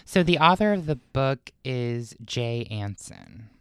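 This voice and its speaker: A man's voice: medium pitch, animated, slow pace, smooth, no echo, clean studio sound. A man co-hosting a podcast, telling a story from prepared notes and breaking into chatty asides. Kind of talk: casual storytelling chat.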